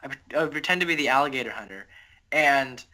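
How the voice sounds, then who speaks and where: Bright-voiced young man telling a scattered story. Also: medium pitch, animated, fast talker. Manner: scattered, self-correcting storyteller. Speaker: podcast co-host. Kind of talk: casual chat. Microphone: talking through a handheld device on a call.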